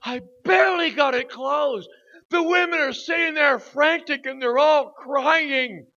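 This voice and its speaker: An older man preaching at a youth service, telling a story with growing drama and shouting at its peak. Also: very high voice, measured pace. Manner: animated storyteller, voice rising to shouts at the climax. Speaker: guest preacher. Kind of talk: storytelling sermon. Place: church hall at a youth service. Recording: dull lo-fi recording.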